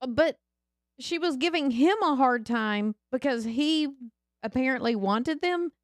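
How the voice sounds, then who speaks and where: A woman's voice: high-pitched, expressive, unhurried, no room sound. Woman co-host chiming in, dry sound. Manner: brief interjections, often laughing along. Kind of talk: casual commentary chat.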